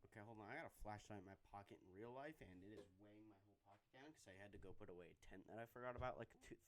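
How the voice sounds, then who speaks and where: A man's voice: lowish voice, very fast. A man with a Southern US accent giving rambling, self-mocking gameplay commentary, often restarting his sentences. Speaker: video game player and YouTuber.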